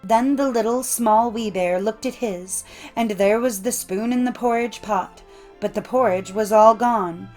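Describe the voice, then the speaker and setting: A woman's voice: fairly high pitch, darkish tone, soft background music. Woman narrating folk tales. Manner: measured, storytelling cadence. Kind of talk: scripted storybook narration.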